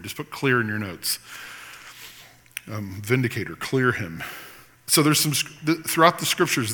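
A male pastor preaching with a bright, forceful voice that swings from loud emphatic scripture to quieter explaining. His sermon rings out with a long hall reverb. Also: mid-range voice, slightly rough. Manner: impassioned preaching, reading scripture aloud with teaching asides.

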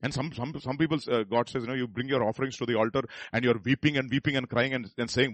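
A man's voice: medium pitch, fairly even intonation, quick pace, few pauses, dry recording. A middle-aged man with an Indian Telugu accent preaching a sermon as pastor, telling stories with quoted voices and building to emphatic peaks. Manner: storytelling with acted quotes and chuckles, rising to emphatic peaks.

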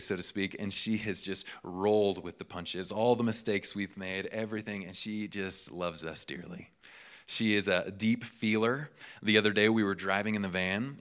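Bright-voiced, animated young male pastor. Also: deep voice, clean tone. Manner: animated, laughing often, repeating words for emphasis. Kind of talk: sermon to college students.

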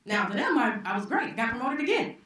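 A woman telling a personal story live at a story slam, conversational and reflective, pausing and restarting as she goes. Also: on the high side, sing-song, fairly bright tone. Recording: echoey hall, distant mic, faint noise.

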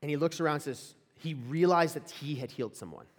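Slightly high-pitched and talking a little fast, this young man is a campus ministry speaker delivering an easygoing, story-filled sermon. The live audience sits in a large hall, the audio is echoey, and his talk is chatty, dotted with "like" and questions to the crowd.

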